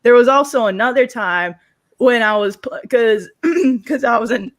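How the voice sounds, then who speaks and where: A young woman from South Florida in a casual panel discussion, telling lively stories and acting out quoted exchanges. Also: fairly high pitch, measured pace. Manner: animated storyteller, acts out quoted exchanges.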